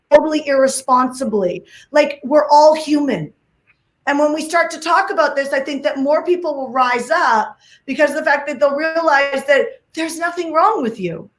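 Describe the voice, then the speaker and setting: Emphatic high-voiced woman, echoey call. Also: fairly bright tone. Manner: emphatic, repeats phrases, many "like"s. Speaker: guest speaker. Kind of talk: energetic summit talk. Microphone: video call.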